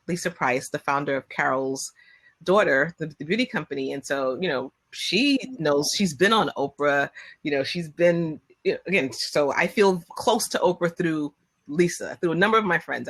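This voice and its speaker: A woman telling a long personal story in casual chat on a video call, acting out what people said. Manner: animated, acts out quotes with rising pitch. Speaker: guest.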